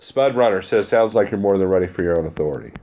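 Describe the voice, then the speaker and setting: A man's voice: low-pitched, lively intonation, fast talker, mellow. A man who drives a truck, chatting casually on a live stream and reading out viewer comments in a blunt, chummy way, laughing easily.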